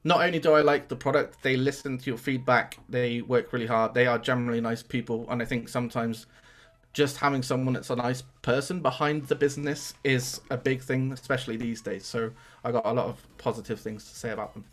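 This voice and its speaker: A man's voice: medium pitch, steady tone, brisk. A young man, chatting casually as a guest on a streaming podcast and swearing now and then.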